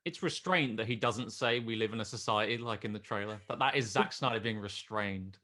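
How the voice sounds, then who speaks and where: A man's voice: lowish voice, fairly quick, sharp tone. A man on a film podcast panel, making dry, wry remarks in casual chat.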